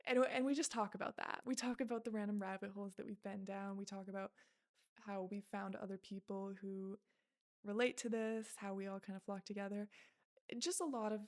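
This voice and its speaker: A woman's voice: mid-range voice, little pitch movement, fairly quick. A woman in her twenties talking to camera in a casual, self-reflective vlog, with lots of fillers. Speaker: content creator.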